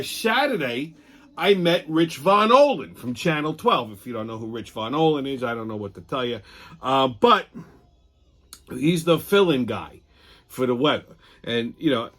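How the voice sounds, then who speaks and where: A man's voice: a little high, a bit bright. A man hosting a show in a casual, rambling monologue, with blunt and profane storytelling. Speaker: host.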